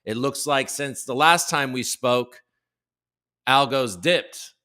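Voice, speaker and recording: A man's voice: mid-range voice, takes it slowly, sharp tone. Male host, 30s, sounds tired; loose, chatty live-stream delivery at a desk mic. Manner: loose, rambling, reads chat aloud. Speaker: podcast host. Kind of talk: casual live-stream chat.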